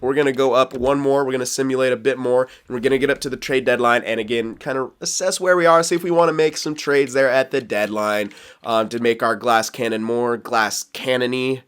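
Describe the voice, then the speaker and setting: A man's voice: medium pitch, fairly bright tone, smooth. A man talking his way through a hockey franchise game for his channel. He rambles off on tangents and laughs at himself while he sorts his lineup. His tone stays loose and chatty throughout. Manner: rambling, self-aware, quick to laugh; talks to viewers while managing a hockey franchise. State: hiccups. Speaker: gaming YouTuber. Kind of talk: casual gameplay commentary.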